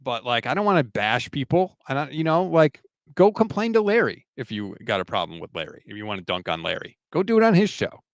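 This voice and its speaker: A man co-hosting a casual sports talk livestream, animated and quick to laugh. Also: mid-range voice, no echo, studio quality. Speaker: sports podcast co-host.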